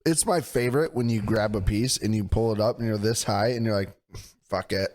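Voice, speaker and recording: A man co-hosting a casual podcast, telling animated stories and swearing freely. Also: on the low side, fairly quick. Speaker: podcast co-host. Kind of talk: casual chat.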